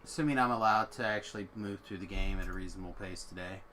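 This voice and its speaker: A man's voice: deep voice, fast talker, background noise. A man streaming a game, making wry, mumbling asides to himself and chatting with a friend as he plays. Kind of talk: casual gameplay commentary.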